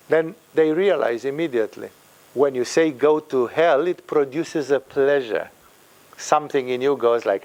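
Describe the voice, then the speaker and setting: A man's voice: medium pitch, moderate pace, a little mellow. A man giving a spiritual talk, emphatic and fond of acting out the people he quotes. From Romania. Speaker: spiritual teacher.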